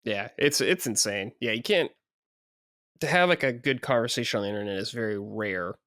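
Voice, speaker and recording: A man's voice: medium pitch, fairly quick, sharp tone, no room sound, clean studio sound. Easygoing man hosting a podcast. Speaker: podcast host. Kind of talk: casual chat.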